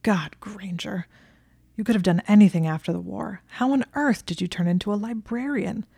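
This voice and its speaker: A woman voicing a haughty young male wizard who talks in a theatrical, plaintive and lofty way, with a gravelly, mellow voice. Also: medium pitch, normal speed, dry recording, studio quality. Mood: scornful.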